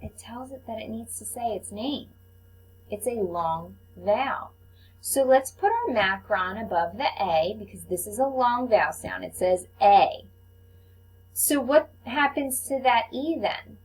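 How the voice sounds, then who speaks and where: A woman teaching a phonics lesson to young children, sounding out letters slowly and patiently. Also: a little high, lively intonation, poor audio. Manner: slow, patient, clearly enunciated teacher talk.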